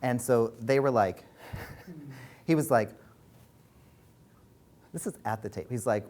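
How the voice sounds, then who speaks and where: A man leading a workshop as coach, telling candid personal stories in a frank, animated way, swearing freely and laughing as he talks. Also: medium pitch, slow pace, long pauses. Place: workshop room.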